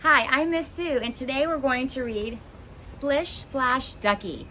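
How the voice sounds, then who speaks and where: A woman's voice: high-pitched, animated, takes it slowly, bright, forceful tone, soft background music. A woman teacher reading a picture book aloud to young children, asking them encouraging questions as she goes. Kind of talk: children's story time.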